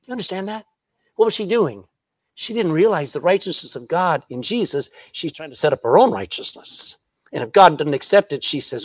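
A male preacher with a high voice that swings widely, delivering a sermon with emphatic energy. He keeps tossing questions to the congregation and punches key words. The sound is dry and close. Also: animated, normal speed, no room sound. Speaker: pastor.

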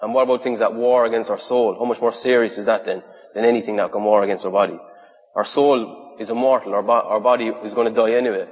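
A man's voice: on the low side, steady tone, fast. Earnest man preaching in a hall. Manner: earnest, conversational, with lists and rhetorical questions. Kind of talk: sermon to a youth group. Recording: reverberant hall.

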